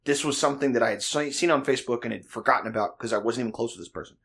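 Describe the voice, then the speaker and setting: A young adult man telling a crude, animated comic story in a casual way, often breaking into laughter. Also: mid-range voice, very fast, creaky, breathy edge.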